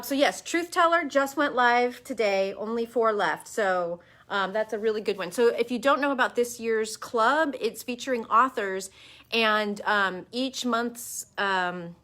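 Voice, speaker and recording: A woman hosts a relaxed live chat from her yarn shop, talking to a webcam. She is chatty and enthusiastic, full of little fillers, and her voice has a bright, clear edge. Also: mid-range voice. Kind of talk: casual live-stream chat.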